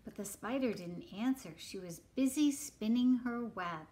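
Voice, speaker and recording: A woman reading a picture book aloud to young children, gentle and expressive, inviting them to make the animal noises with her. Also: fairly high pitch, a little slow. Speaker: children's story reader.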